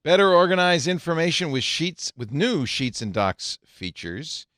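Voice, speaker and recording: A man's voice: mid-range voice, very animated, measured pace, a bit bright, no room sound, clean studio sound. An older man hosting a casual tech podcast, reading headlines aloud and adding joking asides. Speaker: podcast host.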